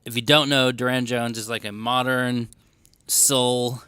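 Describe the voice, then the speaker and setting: Bright, clear-voiced man co-hosting a podcast. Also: mid-range voice, flat delivery, a little slow, no echo. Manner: laid-back, swears casually, laughs often. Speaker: podcast co-host. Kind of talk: casual chat. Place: record store.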